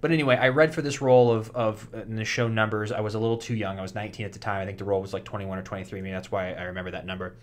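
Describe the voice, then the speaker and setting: A man's voice: lowish voice, steady tone, racing, hardly any pauses. A man in his thirties, co-hosting a casual podcast chat, rambling with many restarts and fillers. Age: 30s. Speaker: podcast co-host and soap actor.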